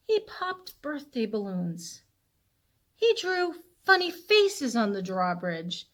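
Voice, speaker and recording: A woman librarian reading a picture book aloud to children in a playful, animated storytelling voice. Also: fairly high pitch, takes it slowly.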